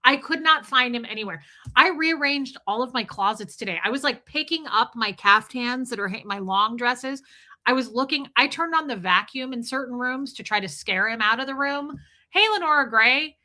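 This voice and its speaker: A middle-aged woman streaming live, chatting to her viewers and telling a story with deadpan, animated quotes. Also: fairly high pitch, normal speed. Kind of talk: casual storytelling to a live chat.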